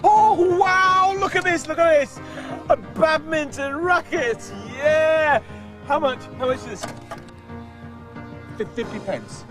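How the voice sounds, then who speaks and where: A man's voice: extremely high pitch, slow, music in the background. A man hosting a comic children's puppet show, fussing and exasperated as he keeps giving in.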